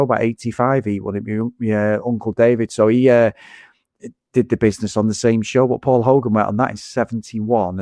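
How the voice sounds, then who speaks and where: A man's voice: mid-range voice, darkish tone, no room sound, studio quality. A man co-hosting a film podcast in casual chat, swearing now and then. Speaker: podcast co-host.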